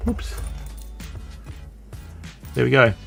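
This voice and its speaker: A man's voice: drawn-out words, fairly bright tone, faint music behind. A man with an Australian accent hosting a casual live stream, chatting and greeting viewers while he works with his hands.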